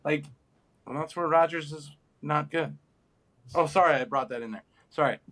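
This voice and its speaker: A young man co-hosting a casual sports podcast, animated, swearing freely and acting out what players say. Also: a little high, normal speed. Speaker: podcast co-host.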